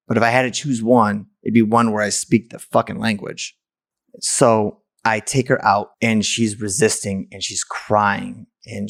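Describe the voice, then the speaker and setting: A man's voice: lowish voice, gravelly, dry recording, studio quality. A man from the United States, a podcast host, telling a personal story in a candid, blunt way with casual swearing.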